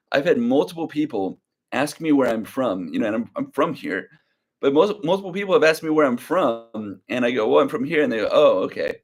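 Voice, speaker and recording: A relaxed young man chats his way through a livestream, his mid-range voice easy and unhurried. He drifts from story to story and answers viewer comments in a slow, laid-back way, with a light drawl. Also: mid-range voice. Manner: relaxed, rambling, reads viewer comments aloud. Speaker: livestream reseller host. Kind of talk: casual livestream chat.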